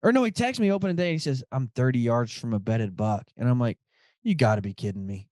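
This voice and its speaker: A man hosting a podcast, telling a story in a casual, animated way and acting out the dialogue. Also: medium pitch, quick pace, no room sound, studio quality. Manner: animated, quotes friends in dialogue, says dude a lot. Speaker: podcast host.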